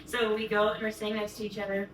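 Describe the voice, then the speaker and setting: A young woman vlogger with a medium-pitched voice talks fast and completely flatly while telling a gushing, chatty story to camera full of "like". Background noise, an echoey room, and a far-off mic mark the recording.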